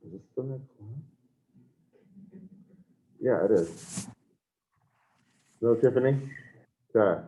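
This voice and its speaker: A man's voice: medium pitch, lively intonation, slow pace, pauses often, mellow, a little hiss or hum. A man teaching an online class, taking attendance in a scattered, self-correcting, apologetic way. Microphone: video call. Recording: tinny video call audio.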